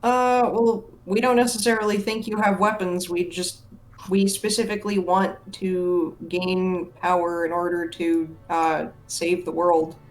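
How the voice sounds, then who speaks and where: A woman's voice: on the low side, little pitch movement, a little slow, rough recording. A woman playing a tabletop game, talking in a laid-back, joking way. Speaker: player. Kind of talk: casual tabletop game chat.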